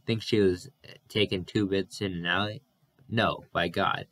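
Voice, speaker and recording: A man putting on a blunt young drifter in a storybook, impatient and scolding. The low voice has a bright, pushing force. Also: fairly even intonation, normal speed. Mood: scornful.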